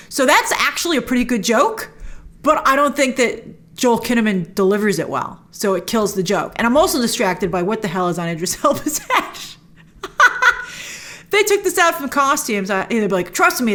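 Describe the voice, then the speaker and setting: A woman hosts a trailer reaction in a chatty, opinionated way, full of quick asides. Her voice sits a little high and swings widely in pitch. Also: fairly bright tone. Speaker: host of a film trailer reaction show. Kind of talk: casual trailer reaction commentary.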